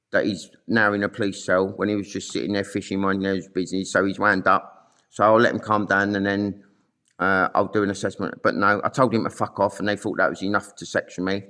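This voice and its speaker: A man's voice: fairly low pitch, fairly bright tone. A middle-aged man telling his own story in a blunt, sweary, rambling monologue full of fillers. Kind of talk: angry monologue to camera.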